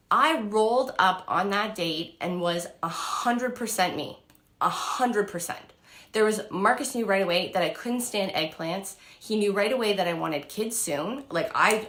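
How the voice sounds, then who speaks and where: A woman's voice: mid-range voice, a bit bright, echoey room. A woman in her thirties telling a story to camera in a casual, chatty way, full of fillers and acted-out quotes. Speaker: vlogger and diet coach.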